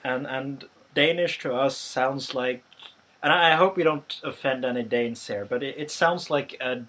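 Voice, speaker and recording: A Norwegian man hosting a podcast, reviewing a film in casual chat, halting with many fillers and restarts. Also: medium pitch, bright, forceful tone. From Norway. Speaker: podcast host.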